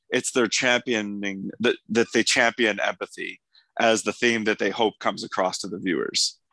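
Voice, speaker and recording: Hoarse male host, eager and chatty, dry studio sound. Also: mid-range voice, bright, forceful tone, no echo. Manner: enthusiastic, rambling with restarts. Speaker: podcast host. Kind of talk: casual episode discussion.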